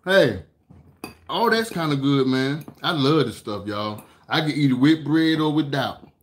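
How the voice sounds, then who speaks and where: Folksy guy with aave talking cooking, chatty storytelling, kinda high voice. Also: lively intonation. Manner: folksy, chatty, drawn-out storytelling with lots of "man" and "y'all". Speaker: cooking channel host. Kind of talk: casual cooking talk to viewers.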